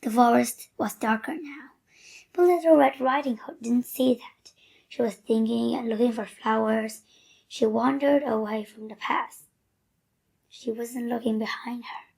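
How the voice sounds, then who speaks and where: A woman reading a children's story aloud, softly and often near a whisper. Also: on the high side, steady tone, unhurried, creaky.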